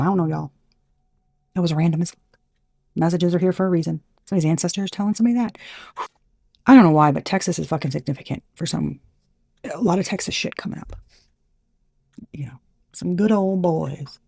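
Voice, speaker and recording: A woman's voice: lowish voice, fast talker, gravelly, pauses often, mellow, no echo, clean studio sound. A woman giving a casual channeled tarot reading, blunt and profane, who gets fired up, trails off and restarts often. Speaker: intuitive tarot reader.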